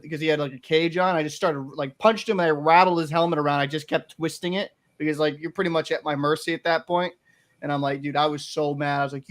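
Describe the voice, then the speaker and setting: Young male podcast co-host, profane and animated, slightly high pitch. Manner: profane, animated storytelling, swears a lot. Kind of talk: casual podcast chat.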